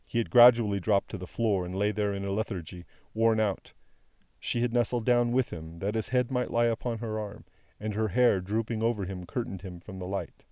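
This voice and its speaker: A man narrating a classic novel as an audiobook reader, in a measured, solemn way. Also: on the low side, dark tone, no echo, studio quality.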